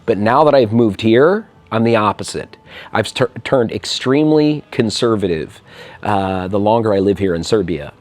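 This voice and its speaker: An American man from Illinois giving an animated, fast-talking interview, telling stories with quoted dialogue. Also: fairly low pitch. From Illinois, USA. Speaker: interview guest, expat. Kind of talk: casual interview talk.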